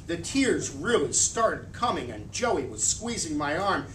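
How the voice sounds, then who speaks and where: A man reading a children's novel aloud in an expressive, animated storytelling style. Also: fairly high pitch, slow, hardly any pauses. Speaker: reader. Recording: roomy, from a distance, faint hiss.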